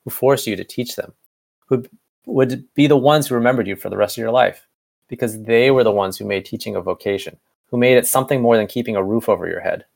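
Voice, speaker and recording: A man casually reads a fan story aloud, covering both narration and dialogue, with small slips and self-corrections. His mid-range voice is fast, gravelly, and a little mellow.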